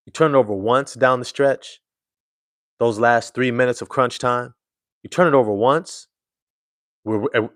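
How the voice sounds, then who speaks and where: A man's voice: medium pitch, moderate pace, fairly bright tone, no echo, studio quality. A man hosting casual live-stream sports commentary, emphatic and slangy, repeating his points.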